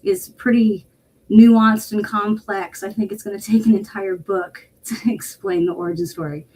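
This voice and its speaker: A woman's voice: medium pitch, fairly even intonation, normal speed, a little mellow, rough recording. Blunt, salty woman guest. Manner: blunt, profane, laughs easily. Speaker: podcast guest, writer. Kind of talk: casual chat.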